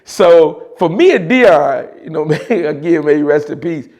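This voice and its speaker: A man with a Chicago accent telling a story in a casual, animated way, with slang and loose restarts. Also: fairly high pitch, unhurried. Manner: animated, mimics voices of others in quotes, frequent laughs and slang.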